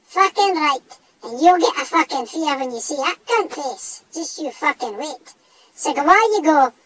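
A man voicing a small, cocky, foul-mouthed male dog with a northeast Scottish accent, speaking in a high squeaky voice. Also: expressive, moderate pace, bright, forceful tone, slight background noise, exaggerated voice, rough recording. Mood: defiant. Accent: Scottish (northeast, Doric). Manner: sweary, blustering tough talk.

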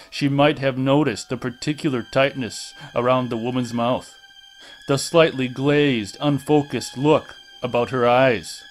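A man reading a horror novel aloud in a deliberate, dramatic narration style. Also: medium pitch. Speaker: audiobook reader.

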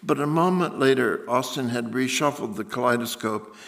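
A man reading his own literary fiction aloud in a measured, deliberate voice. His pitch sits right in the middle range for a man, and he takes his time over the prose. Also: vocal fry. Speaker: author. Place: museum event space.

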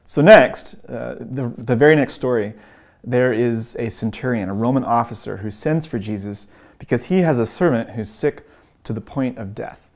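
A man of middle pitch explains and retells stories for a teaching course. He speaks earnestly and often pauses with um and uh. His voice lifts when he acts out the quoted lines. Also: a little mellow. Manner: earnest, frequent um and uh fillers. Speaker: evangelism course instructor. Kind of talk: teaching talk with retold stories.

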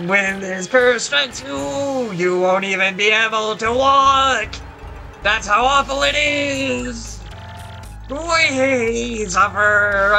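A gamer voicing a boastful cursed treasure chest that pleads to be let out, then gloats with theatrical shouts, while reading game dialogue. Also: medium pitch, vocal fry, exaggerated voice. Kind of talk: let's play dialogue reading.

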